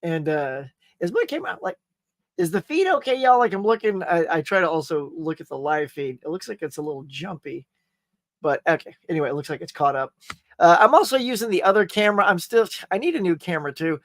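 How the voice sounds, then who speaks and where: Man, live stream host, casual rambling chat, joking asides, higher pitch, dry sound. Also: animated, fairly quick, fairly bright tone, no echo. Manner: chatty, rambling, jokey, reads viewer comments aloud. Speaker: host of a live morning pop-culture stream.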